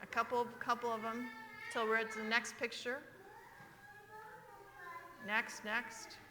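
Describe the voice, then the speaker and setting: A woman's voice: fairly high pitch, little pitch movement, slow, background noise. A woman in her sixties preaching a sermon, emphatic and asking the congregation questions. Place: church sanctuary. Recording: reverberant church livestream.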